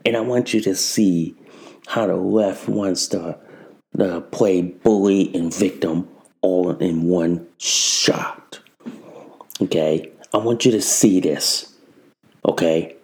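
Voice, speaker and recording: In an angry political monologue laced with profanity, a podcast host rants and repeats themselves. The voice is low and a little mellow.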